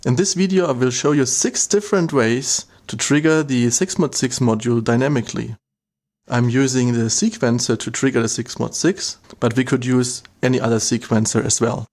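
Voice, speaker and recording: A man's voice: mid-range voice, moderate pace, a little mellow. A man narrating an instructional demo, walking through each step in a plain, methodical way. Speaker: product demonstrator.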